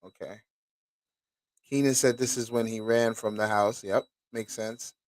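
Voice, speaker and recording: A man's voice: on the low side, steady tone, measured pace, no echo. A man hosting a show, reading documents aloud and stopping to react with casual, profane commentary. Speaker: host.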